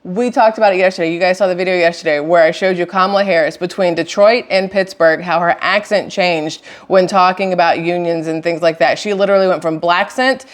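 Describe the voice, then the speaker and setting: A woman's voice: on the low side, steady tone, brisk, hardly any pauses. A woman hosting casual political commentary, talking emphatically and repeating words for stress. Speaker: host.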